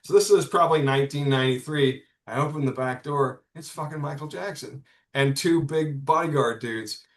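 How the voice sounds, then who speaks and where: A man's voice: fairly high pitch, moderate pace, few pauses, reverberant. A man in his fifties telling stories in a casual podcast chat, rambling with lots of restarts and the odd curse. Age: 50s. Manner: rambling, frequent restarts and profanity. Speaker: comics publisher guest.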